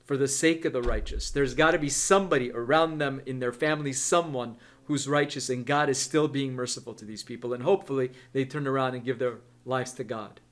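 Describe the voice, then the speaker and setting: A man's voice: mid-range voice, fairly even intonation, fairly quick, few pauses. A man reading scripture aloud and explaining it, talking in an emphatic way that keeps checking in with the listener. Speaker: Bible teacher. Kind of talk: Bible reading with commentary.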